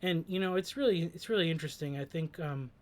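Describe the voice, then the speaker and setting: A male host reflects quickly on a song's lyrics, his voice on the high side. Though fast, his commentary is thoughtful and hesitant, with plenty of fillers and restarts.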